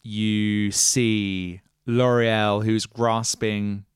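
A man running a tabletop role-playing game, unfolding the story in a measured way with casual asides. His voice sits low and sounds smooth and resonant. The recording is close and dry on a podcast mic. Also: little pitch movement, no room sound. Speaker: game master.

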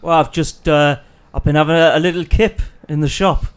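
Flustered shopkeeper stalling, played by a man. Slightly high. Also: fairly even intonation, a little fast, smooth, lightly acted. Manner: hesitant, bumbling. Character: flustered male shopkeeper playing dumb.

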